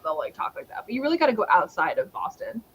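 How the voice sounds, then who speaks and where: Woman, young adult, from Georgia, casual chat host, rambling, self-correcting, slightly high-pitched, light background hiss. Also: huge pitch swings, quick pace, poor audio. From Georgia, United States. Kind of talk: casual chat on a live stream.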